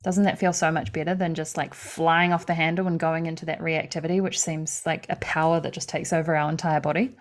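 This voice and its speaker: A woman life coach leading a live online session, earnest and conversational, acting out inner thoughts with fillers and soft laughs. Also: deep voice, little pitch movement, fairly quick, hardly any pauses.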